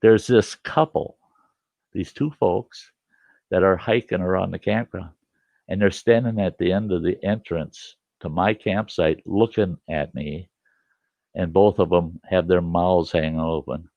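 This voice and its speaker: An older man spins a camp yarn in a low, gravelly voice, getting animated as he acts out arguments. The recording is dry and a little dull, with no room sound. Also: a little slow, no room sound. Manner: animated, acts out yelling at his camera. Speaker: storyteller host. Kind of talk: casual campfire storytelling.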